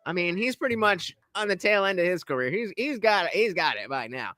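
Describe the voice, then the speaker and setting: A man reacting to a podcast on a live stream, chatting casually and loudly shouting out donors. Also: high voice, a little fast, hardly any pauses. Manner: loud animated shout-outs to donors.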